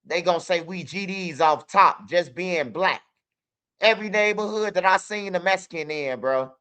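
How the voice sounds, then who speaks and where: Man, young adult, streetwise, casual storyteller, fairly high voice. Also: normal speed, sharp tone, clear, resonant tone. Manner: streetwise, loose, peppers talk with "bro" and "you hear me". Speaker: channel host.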